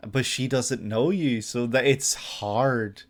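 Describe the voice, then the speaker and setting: An Irish man reacts to an anime in casual, gushing commentary at a middle pitch. He laughs easily and thinks aloud, circling back to restart his sentences. Soundtrack music plays faintly behind him. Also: slow pace.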